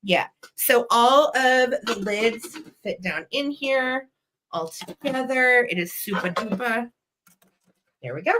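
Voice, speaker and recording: Against a noisy background, a woman with a slightly high, animated voice takes her time presenting items in a live online vintage sale. She gushes and chats away, speaking right to her viewers.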